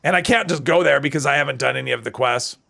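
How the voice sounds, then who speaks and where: A man's voice: medium pitch, fast, vocal fry, pushed and bright. A man chatting casually on a live stream while he plays a game, reading chat and answering it, his voice strained and tired.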